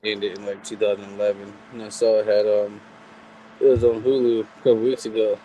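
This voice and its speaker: Deep-ish guy mumbling along in a podcast chat, ac humming faintly behind. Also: flat delivery, fairly quick, dull audio, slight background noise. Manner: quiet, hesitant, trailing off. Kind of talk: casual chat.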